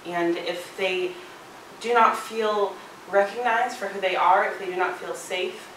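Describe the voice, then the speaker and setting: A woman's voice: medium pitch, fairly even intonation, measured pace, a bit bright, slight background noise. A young woman giving a casual class presentation, with frequent hesitations. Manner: informal, frequent "um" and "uh". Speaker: student presenter. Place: lecture room. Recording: echoey lecture hall, distant mic.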